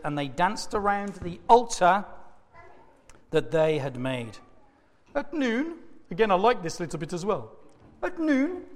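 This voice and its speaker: A man preaching in a church, retelling a Bible story with animated asides and chuckles. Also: fairly high pitch. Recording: echoey church hall.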